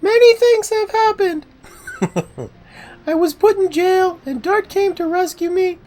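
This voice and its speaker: An earnest young woman from a role-playing game speaks in a soaring, breathy falsetto, as a male streamer puts her on. Her lines rise and fall with lively emphasis, and faint game music runs behind her. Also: takes it slowly, exaggerated voice. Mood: wistful. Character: earnest young woman, wistful and soft-hearted. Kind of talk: reading game dialogue in voices.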